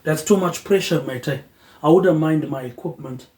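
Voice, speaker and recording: A man hosts a rambling philosophical monologue. His train of thought drifts loosely, and he closes nearly every phrase with a quieter tag word. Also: fairly high pitch, normal speed. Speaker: host. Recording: echoey room.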